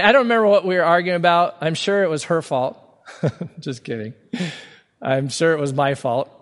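A man's voice: on the high side, fairly bright tone. A man preaching a sermon as a pastor, earnest and emphatic, often restarting his words. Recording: long hall reverb.

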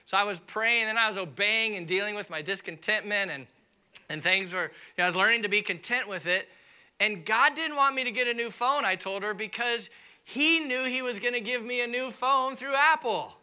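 A man preaching a sermon to a church congregation, telling a funny personal story with lively asides and impressions. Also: high voice, moderate pace, smooth. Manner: animated storytelling with comic impressions and audience asides. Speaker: pastor. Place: church auditorium.

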